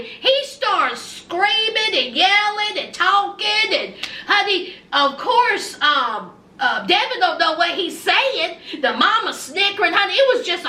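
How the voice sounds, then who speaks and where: A woman's voice: very high voice, bright, forceful tone, echoey room. Sassy lady vlogger dishing on a show, sounds kinda far from the mic. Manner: sassy, gossipy, addresses viewers. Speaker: recap vlogger. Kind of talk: casual reality-show recap.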